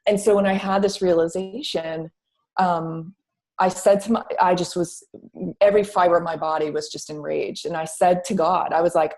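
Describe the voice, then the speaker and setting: A woman's voice: on the low side, steady tone, normal speed, a little mellow. A woman telling her personal story to an interviewer in a casual, candid way, acting out her past thoughts, with some swearing and many repeated words.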